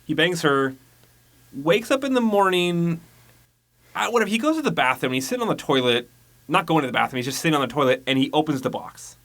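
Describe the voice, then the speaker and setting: A man's voice: on the high side, expressive, fairly quick, fairly bright tone. Rambling man recapping a movie. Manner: rambling storyteller, acts out characters' lines. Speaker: podcast co-host. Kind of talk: casual movie recap chat.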